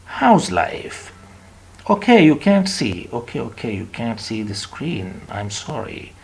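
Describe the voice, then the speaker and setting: A male teacher works through everyday greetings in an online lesson, repeating each phrase several times with emphasis. His voice is husky and swings widely in pitch. He speaks slowly and deliberately. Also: very animated. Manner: drills phrases with repetition, slow and emphatic. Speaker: English teacher. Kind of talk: online spoken English lesson.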